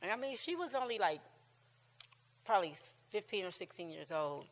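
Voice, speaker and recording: A woman's voice: mid-range voice, very animated, normal speed, big-room sound. A woman in her sixties teaching a church class, chatting casually, laughing often and restarting her sentences. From United States. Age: 60s. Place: church room with long reverb.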